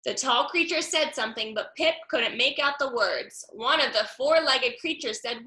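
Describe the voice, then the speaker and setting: A woman reading a children's picture book aloud, slow and expressive, with sound effects. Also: fairly high pitch. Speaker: storybook reader. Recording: echoey room.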